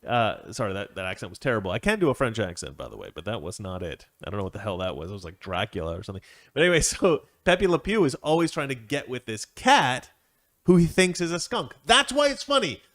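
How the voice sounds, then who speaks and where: Man, commentary host, sarcastic, laughs often, mid-pitched voice. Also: big pitch swings, quick pace, a bit bright. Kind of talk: opinion commentary.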